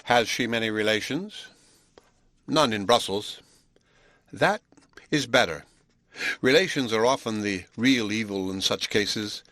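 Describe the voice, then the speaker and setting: A man's voice: lowish voice, unhurried, pauses often, fairly bright tone, no echo. A man voicing a blunt, proud and sarcastic Englishman in an audiobook, speaking in a brusque, scolding way.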